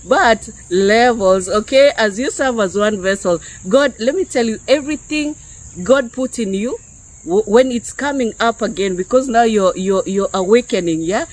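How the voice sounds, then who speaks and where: A woman's voice: on the high side, moderate pace, rough recording. Woman preaching casually to her viewers. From Kenya. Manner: conversational, peppered with "yeah?" and "okay?". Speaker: YouTube preacher. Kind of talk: unscripted spiritual teaching to viewers.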